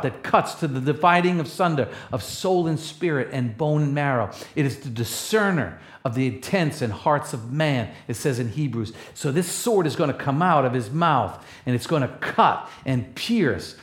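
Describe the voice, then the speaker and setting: Man, sermon, fervent peaks and hushed asides, fairly high voice, roomy echo. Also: lively intonation, moderate pace, hardly any pauses. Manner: rising to loud passionate peaks, dropping to soft low asides. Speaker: preacher. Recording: echoey room.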